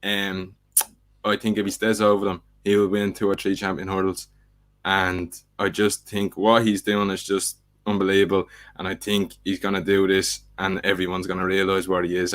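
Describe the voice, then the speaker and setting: A man's voice: low voice, a bit bright. A man, a podcast co-host, talking up a favourite horse with earnest enthusiasm. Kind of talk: casual betting chat.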